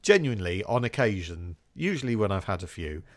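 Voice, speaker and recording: Man, low voice, casual podcast chat, earnest, reflective, reads quotes aloud. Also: sing-song, brisk. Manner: earnest, reads out quotes, chuckles now and then. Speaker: podcast co-host. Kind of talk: casual chat about music history.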